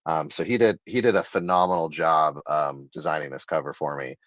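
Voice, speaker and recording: A man's voice: very deep voice, steady tone, a little fast, a bit bright, dry recording. A man being interviewed as an author, talking casually in long rambling sentences full of fillers and restarts. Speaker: author guest. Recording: slightly dull, lo-fi sound.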